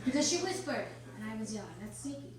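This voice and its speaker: Brash high-voiced woman doing stand-up. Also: fast talker. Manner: brash, deadpan punchlines, crude jokes to a crowd. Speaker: stand-up comedian. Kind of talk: stand-up comedy set. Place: comedy club stage. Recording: roomy club sound from a distance with crowd. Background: audience laughter.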